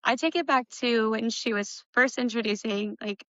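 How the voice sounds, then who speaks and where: A woman co-hosting a book discussion podcast, chatty and quick to laugh, leaning on "like" as she talks. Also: a little high, fairly even intonation, a bit bright, dry recording, lo-fi sound. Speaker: podcast co-host.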